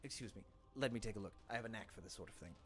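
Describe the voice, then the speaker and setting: A man's voice: fairly low pitch, rapid-fire, soft background music, lightly acted. A man voicing a smug, chatty male halfling thief in a tabletop game. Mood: breezy.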